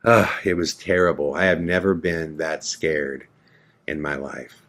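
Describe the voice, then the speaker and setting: Low-voiced man telling a dramatic story. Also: steady tone, measured pace, fairly bright tone. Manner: dramatic, vivid retelling of a frightening ordeal. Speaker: podcast host. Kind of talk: first-person storytelling.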